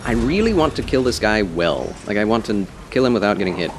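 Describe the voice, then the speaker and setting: Chatty low-voiced male game streamer. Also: sing-song, brisk, background noise. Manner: chatty, answers chat, playful and polite; frequent laughs and muttered asides. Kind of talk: casual live game commentary.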